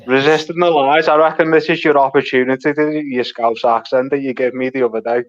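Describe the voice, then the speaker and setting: A man's voice: mid-range voice, steady tone, fast talker. A man chatting casually with the lads, calling everyone mate. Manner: matey, chatty. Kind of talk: casual online banter. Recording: lo-fi muffled audio.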